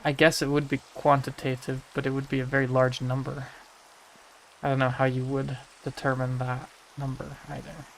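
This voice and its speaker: An American man streaming a game, chatting casually and thinking aloud as he answers his viewers' messages. His voice has a gravelly, creaky texture at an ordinary pitch. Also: completely flat delivery, moderate pace, slight background noise. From United States. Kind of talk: casual livestream chat.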